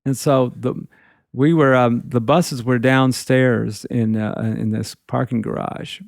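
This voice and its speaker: Middle-aged male guitarist, gravelly, casual rambling storyteller. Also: medium pitch, fairly even intonation, slow, darkish tone, dry recording, studio quality. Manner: rambling anecdotes peppered with "you know". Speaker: guitarist telling tour stories.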